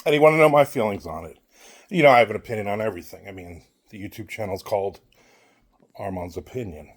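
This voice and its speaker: A man's voice: on the low side, fast talker. A middle-aged man who hosts his own channel, giving a blunt, rambling opinion while out on a walk and acting out the people he quotes. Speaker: author and channel host. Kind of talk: casual opinion monologue while walking.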